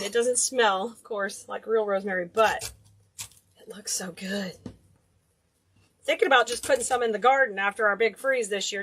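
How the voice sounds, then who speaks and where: A woman's voice: a little high, fairly bright tone. A woman hosting a casual DIY craft tutorial, chatty and enthusiastic, gushing over cute details. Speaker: craft video host.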